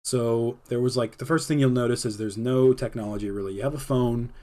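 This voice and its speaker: A man's voice: mid-range voice, steady tone, a little fast, warm tone. A young man hosting a podcast, telling stories in a rambling, laid-back way with many filler words. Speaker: podcast host. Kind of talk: casual storytelling on a livestream podcast.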